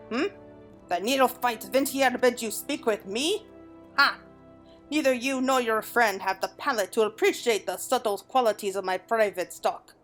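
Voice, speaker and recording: A woman's voice: fairly high pitch, lightly acted. A woman voicing a snobbish, arrogant male wine baron from a video game, speaking in a pompous, scornful way with an attempted French accent.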